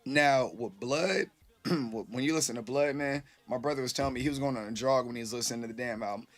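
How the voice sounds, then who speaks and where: A man's voice: medium pitch, a little fast, soft background music. A man casually chatting with his live-stream viewers, rambling loosely and swearing freely, a little tipsy.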